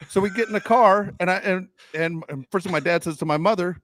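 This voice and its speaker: A man's voice: high voice, fairly even intonation, fast, few pauses, a bit bright, no room sound. A man co-hosting a podcast in casual chat, ranting and swearing often. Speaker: podcast co-host.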